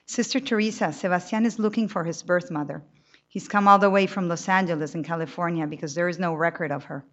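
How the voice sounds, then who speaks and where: A woman voicing a calm orphanage director who speaks reassuringly and to the point, read from a novel. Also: on the low side, quick pace, lo-fi sound, lightly acted.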